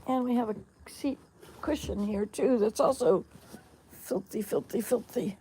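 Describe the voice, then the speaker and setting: A woman's voice: on the high side, unhurried, mellow, a little hiss or hum. A woman in her sixties chatting casually at home, rambling and upbeat, coaxing her cats now and then. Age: 60s. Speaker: vlogger. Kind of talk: casual chat.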